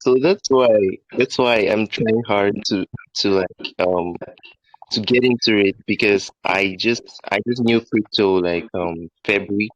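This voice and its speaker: A man's voice: fairly low pitch, unhurried, no echo, lo-fi sound. A man in a voice chat, speaking hesitantly and stumbling over his words. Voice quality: hesitant, stammers. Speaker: voice chat participant. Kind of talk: casual voice chat.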